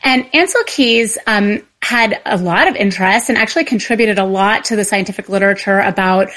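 Lady doctor on a radio show, explaining stuff, lots of ums, normal pitched voice. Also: brisk, a bit bright. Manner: explanatory, frequent "um" fillers. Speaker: family physician guest. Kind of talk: radio interview.

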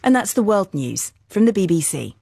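A woman newsreader delivering a radio bulletin in a crisp, formal way. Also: medium pitch, big pitch swings, moderate pace, warm tone, no room sound, studio quality.

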